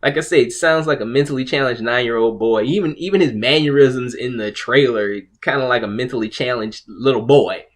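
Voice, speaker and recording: A man's voice: mid-range voice, expressive, a little fast, few pauses. Male host, casual rant, mid-range voice, loose and profane, lots of restarts. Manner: rambling, profane, frequent restarts and laughs. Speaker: video host. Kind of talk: casual ranting commentary.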